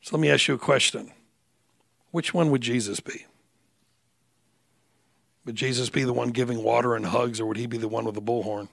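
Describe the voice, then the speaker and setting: A middle-aged male pastor, preaching conversationally and building to loud, emphatic outbursts. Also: mid-range voice, steady tone, moderate pace, gravelly, long pauses, dry recording, clean studio sound. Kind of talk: sermon.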